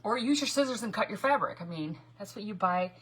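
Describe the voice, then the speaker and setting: A woman's voice: medium pitch, lively intonation, a little fast, a little hiss or hum. A woman hosting a casual live crafting stream, chatty and laughing often as she greets viewers by name. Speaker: craft livestream host.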